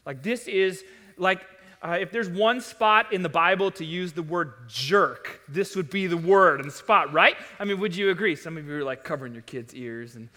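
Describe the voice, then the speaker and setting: A male pastor preaching a sermon in a church, talking in an animated way and rising to loud, emphatic peaks. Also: high-pitched, normal speed. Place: church sanctuary. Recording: long hall reverb.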